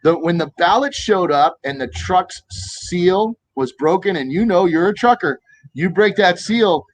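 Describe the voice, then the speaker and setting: A man in his fifties from the United States, telling animated stories in a casual political chat and acting out quoted voices. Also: sits high, a little slow, no room sound, low-quality recording. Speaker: co-host of a political talk stream.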